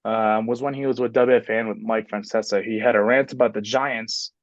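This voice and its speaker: A basketball coach in his twenties chats casually as a podcast guest, rambling with many fillers and restarts. His voice is on the low side with fairly even intonation, and he talks a little fast. The audio is dull, with no echo.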